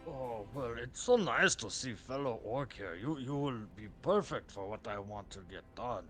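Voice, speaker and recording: A man's voice: mid-range voice, lively intonation, moderate pace, a bit bright, faint music behind, lightly acted. A man voicing an earnest male orc warrior who speaks in broken English, full of hesitant fillers. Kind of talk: tabletop role-play voicing.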